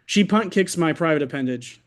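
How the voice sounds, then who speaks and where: A man at an open mic reading his own fiction aloud over a video call, in a wry, deliberate way. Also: a little high, animated.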